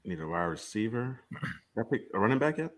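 A man's voice: on the low side, big pitch swings, fast talker. A man co-hosting a podcast, laid-back in casual chat and laughing along with the others. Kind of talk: casual fantasy football chat.

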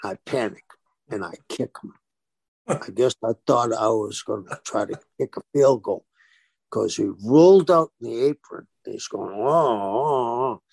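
This man speaks at normal speed in a fairly low voice with vocal fry and a breathy edge, with no room sound. A former pro wrestler, he tells stories animatedly in a casual interview, acting out the dialogue.

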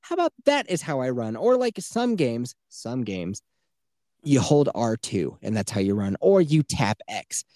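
A man's voice: medium pitch, very animated, unhurried, mellow, dry recording, studio quality. A man co-hosting a podcast, telling stories in a loose, profane way and slipping into quoted voices. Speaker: podcast co-host. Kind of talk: casual chat.

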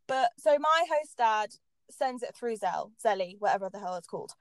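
A woman's voice: mid-range voice, lively intonation, normal speed, no echo. A young woman co-hosting a podcast in a casual, chatty way, laughing often. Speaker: podcast co-host. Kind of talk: casual chat.

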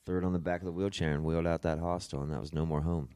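A young man recounts his own hard times as a podcast guest, his voice low and deep. He talks haltingly, doubling back on words and swearing in passing. The sound is close and dry, with no room around it. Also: steady tone, dark tone, dry recording. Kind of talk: personal storytelling.

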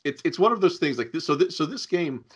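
A man co-hosting a casual podcast chat about old adventure games, wry and quick to laugh. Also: on the high side, very animated, breathy edge, lo-fi sound. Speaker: podcast co-host.

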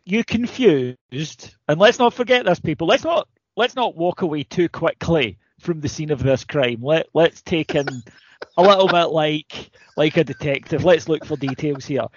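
A man's voice: a little high, no echo. A man co-hosting a casual podcast, teasing a co-host in a wry, mock-serious way. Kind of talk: casual chat. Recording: dull lo-fi audio.

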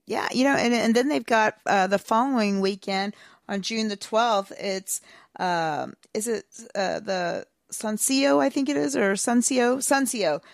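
A woman co-hosting a casual motorsport chat, talkative and quick to laugh. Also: medium pitch, animated, creaky, dry recording, studio quality. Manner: chatty, laughs easily, wraps up the show. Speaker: motorsport podcast co-host.

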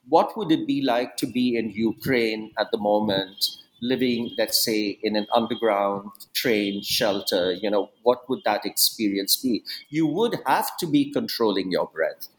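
In a rough recording, a man with a medium-pitched voice is interviewed about his book. He speaks reflectively in this academic conversation, often going off on asides and restarting his thoughts.

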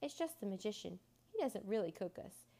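A woman's voice: mid-range voice, big pitch swings, fairly quick, warm tone. A woman voicing a big, easygoing talking blackbird in a storybook reading.

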